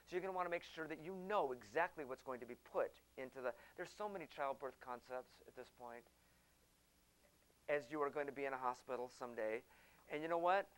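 A middle-aged man hosting a talk, telling a personal story in an animated way and acting out the people he quotes. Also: a little high, low-quality recording.

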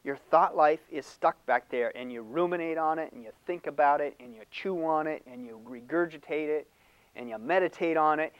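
Older male pastor, lively conversational sermon delivery, slightly high voice, dry and somewhat muffled recording. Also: normal speed, clean tone, no room sound. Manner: animated, conversational preaching with laughs and mock voices.

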